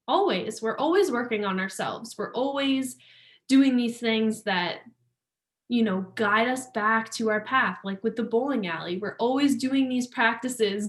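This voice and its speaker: A woman co-hosting a casual chat about yoga, earnest and warm with laughter, often acting out her inner thoughts. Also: a little high. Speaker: yoga teacher co-host. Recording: echoey room.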